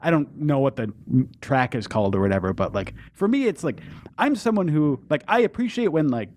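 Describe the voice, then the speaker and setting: A man's voice: a little high, very animated, brisk, darkish tone, a little hiss or hum. A man on a podcast panel talking casually and hesitantly, with frequent restarts. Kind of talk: casual chat.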